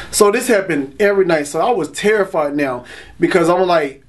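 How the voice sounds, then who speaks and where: Young man from Florida, slightly high voice, loose street slang, testimony told straight to camera. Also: expressive, normal speed. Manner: streetwise slang, frequent "you know" and "y'all". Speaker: man giving a religious testimony. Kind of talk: casual spoken testimony.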